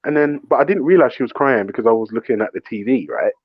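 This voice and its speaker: A man hosts a casual talk show, telling stories with a very lively, swinging pitch. He slips into mimicry of other people's voices. His audio comes through a muffled, lo-fi remote call with a dry sound. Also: quick pace, breathy edge, no room sound. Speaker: show host. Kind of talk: casual storytelling chat.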